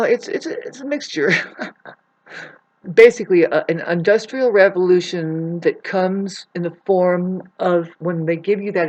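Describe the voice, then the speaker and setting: A vlogger speaking straight to viewers in a rambling, profane spiritual monologue, halting over restarts and fillers, jumping between loud bursts and low muttering. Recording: muffled lo-fi recording.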